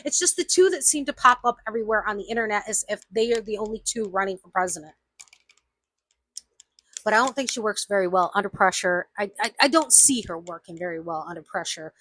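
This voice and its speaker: A woman's voice: medium pitch, lively intonation, a little fast, a bit bright. A woman vlogger giving a casual opinion monologue, emphatic, repeating her points and asking "okay?".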